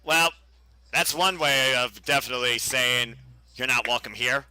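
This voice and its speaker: A man giving lively, mock-broadcaster play-by-play commentary of wrestling during a watch-along. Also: medium pitch, moderate pace, clear, resonant tone, no echo.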